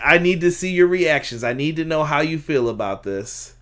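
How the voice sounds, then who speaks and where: A man's voice: on the high side, normal speed, hardly any pauses. A man hosting a casual live-streamed wrestling review, recapping matches and reacting to chat. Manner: animated recapper who acts out quotes and laughs at chat. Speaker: wrestling review podcast host.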